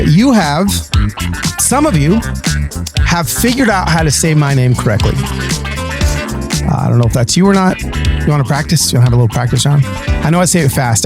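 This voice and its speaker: A man hosting his own podcast in a playful, sing-song, chatty way. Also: on the high side. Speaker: podcast host. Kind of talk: casual solo podcast talk.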